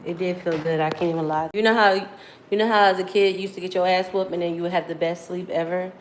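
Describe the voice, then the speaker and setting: A woman's voice: lowish voice, fairly even intonation, quick pace, slight background noise. A woman in her thirties from Virginia, tired after crying, talking candidly and in slang straight to her livestream chat. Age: 30s. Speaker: livestreamer reading viewer comments. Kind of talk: casual live stream chat.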